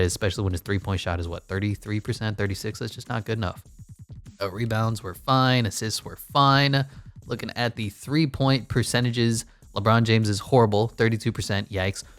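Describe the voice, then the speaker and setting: A man giving casual, blunt commentary while playing a basketball management game, full of wry asides. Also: on the low side. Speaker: gaming YouTuber.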